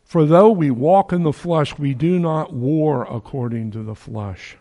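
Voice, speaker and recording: A man's voice: fairly high pitch, measured pace, mellow. An older man from New Jersey preaching a sermon in a conversational way, chuckling now and then and rising to emphatic peaks.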